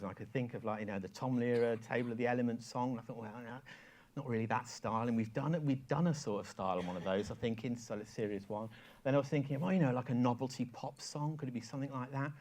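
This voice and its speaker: A man with a lively storytelling manner, telling an anecdote on stage to a live audience and leading a sing-along. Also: medium pitch, brisk, slight background noise. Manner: lively storyteller, quoting emails in voices. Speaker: songwriter giving a talk. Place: event hall with live audience.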